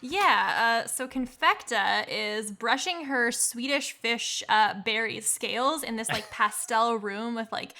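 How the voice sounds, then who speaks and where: A woman's voice: on the high side, slow pace, few pauses, pushed and bright. A woman, a tabletop game player, narrating her character's scene playfully and vividly, with many fillers.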